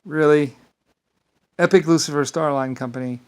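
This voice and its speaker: A man's voice: on the high side, moderate pace, clear, resonant tone, rough recording. A man in a rambling, grandiose monologue to camera, swearing and laughing at himself. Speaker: vlogger.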